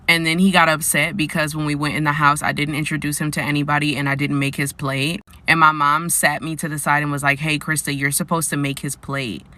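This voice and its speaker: A woman's voice: sits low, bright, forceful tone. A woman telling the camera about a boyfriend at a family party, in an exasperated way. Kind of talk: casual storytelling to camera.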